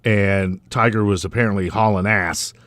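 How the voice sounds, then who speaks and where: A man's voice: on the low side, steady tone, normal speed, fairly bright tone, dry recording. A male morning radio co-host who chimes in bluntly with details in casual banter, recorded in a studio. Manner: blunt and chatty, fills in details.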